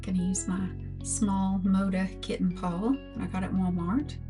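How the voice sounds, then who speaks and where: A woman's voice: medium pitch, steady tone, music in the background. An older woman giving a chatty makeup tutorial as a beauty vlogger, talking through products one by one. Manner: slow, chatty product talk.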